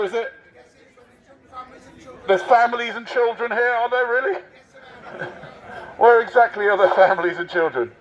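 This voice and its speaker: Mock-officious man, high voice. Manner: mock-officious, teasing, addresses passers-by. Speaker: street prankster posing as covid marshal. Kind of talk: satirical street performance. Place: busy city street outdoors. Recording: dull lo-fi street recording.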